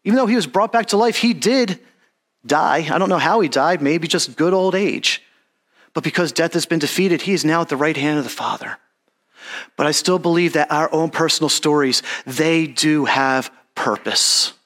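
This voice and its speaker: Guy preaching a laid-back sermon, highish voice, does the bible people in everyday talk. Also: moderate pace, fairly bright tone. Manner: conversational, acts out Bible characters in a modern voice. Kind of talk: casual sermon.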